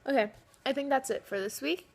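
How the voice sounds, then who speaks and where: A woman vlogging casually to the camera, talking straight to her friends in an animated, dramatic way, pleading one moment and teasing the next. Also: high voice, fairly quick, gravelly, breathy edge. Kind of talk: casual direct-to-camera vlog addressed to friends.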